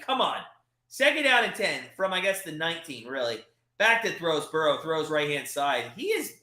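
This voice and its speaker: A man's voice: fairly high pitch, reverberant. A man hosting a live watch party, calling the plays as a frustrated fan and breaking into exasperated outbursts. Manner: frustrated, animated, swings from calm play calls to exasperated outbursts. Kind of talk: live play-by-play fan commentary.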